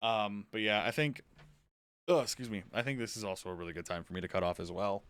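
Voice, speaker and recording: Man, live game stream, rambling casual chat, low pitch, smooth clear voice. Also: fast, fairly bright tone. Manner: rambling, chatty, self-interrupting.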